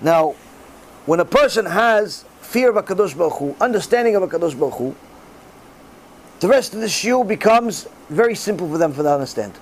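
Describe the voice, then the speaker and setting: A middle-aged man giving a religious class in sermon style, animated and acting out the voices he quotes. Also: high voice, fairly quick, a little hiss or hum, low-quality recording. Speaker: rabbi giving a Torah class.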